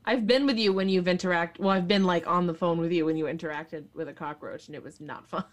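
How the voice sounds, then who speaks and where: A woman's voice: fairly low pitch, quick pace, dull audio. A woman in casual chat, mostly giving short replies and laughing along. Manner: brief backchannels and laughter.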